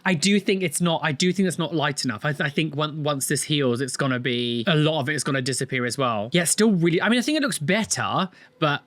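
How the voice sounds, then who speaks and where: A young man with a somewhat high-pitched voice talks casually through a reaction video. He rambles, jokes sarcastically, and breaks into loud exclamations. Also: fast talker, no room sound. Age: young adult. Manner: chatty, sarcastic, exclaims loudly.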